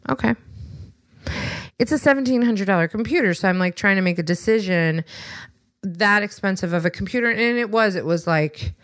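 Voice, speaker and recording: A woman co-hosting a podcast, telling a story in a casual, animated, wry way and acting out both sides of conversations. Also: mid-range voice, a little fast, no echo, clean studio sound. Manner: exasperated, wry. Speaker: podcast co-host.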